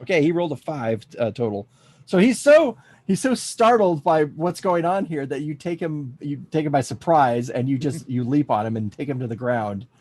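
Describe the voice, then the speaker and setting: A man running a tabletop game as game master, narrating with many pauses and fillers. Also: a little high, animated, darkish tone, no room sound. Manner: halting, filler-heavy narration.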